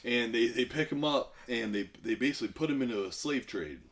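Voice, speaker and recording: A man retelling a film plot in a rambling, profane comedic way, bursting into loud acted-out lines. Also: medium pitch, a little fast. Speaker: podcast guest retelling a film. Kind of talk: profane comedic movie recap.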